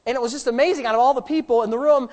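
A man preaching a sermon as a pastor, animated and sarcastic, swinging between loud, high bursts and quiet asides. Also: rapid-fire.

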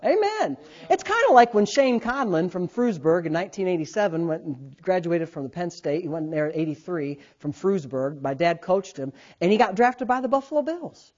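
A man preaching a sermon as pastor, swinging between loud bursts and quiet asides. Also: sits high, sing-song, moderate pace, hardly any pauses. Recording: dull lo-fi sound.

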